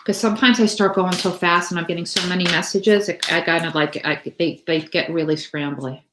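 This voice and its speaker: A woman's voice: lowish voice, brisk, reverberant, background noise. A woman giving a live tarot reading to viewers, chatty and rambling, full of fillers and restarts. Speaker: tarot reader.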